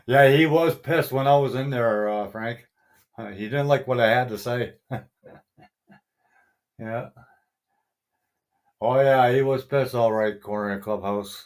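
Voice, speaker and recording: A middle-aged man hosting a casual live stream, greeting viewers by name, chuckling often and swearing mildly. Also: mid-range voice. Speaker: livestream host.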